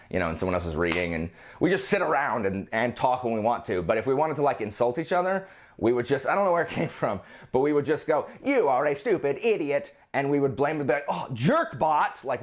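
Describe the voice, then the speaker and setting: A man reviewing books in a casual vlog, rambling and often restarting his sentences. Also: medium pitch. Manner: rambling, self-interrupting, frequent restarts. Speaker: book reviewer.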